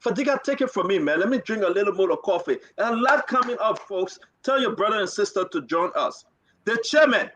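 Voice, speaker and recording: A man hosting a live political talk show, his voice high and very lively as it climbs and drops. He talks emphatically, repeats phrases, and reads quotes aloud to his listeners. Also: fairly quick.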